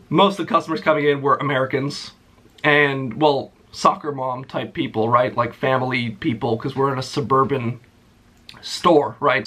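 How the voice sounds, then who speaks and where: A man's voice: medium pitch, a bit bright. Profane, sarcastic young man ranting. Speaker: vlogger. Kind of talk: casual storytime rant.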